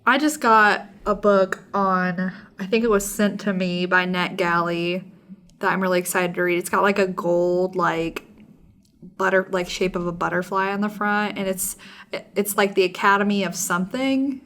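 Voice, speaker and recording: A woman's voice: mid-range voice, steady tone, normal speed, fairly bright tone. Giggly, chatty young woman podcaster. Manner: chatty, giggly, heavy use of "like". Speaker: podcast co-host, librarian. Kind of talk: casual book chat.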